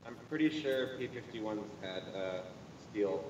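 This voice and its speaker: A man's voice: fairly low pitch, unhurried, noisy background. A man co-hosting a casual podcast, chatting and quoting films. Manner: chatty, quotes films with laughter. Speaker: podcast co-host. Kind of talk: casual chat. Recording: roomy, distant, dull lo-fi mic.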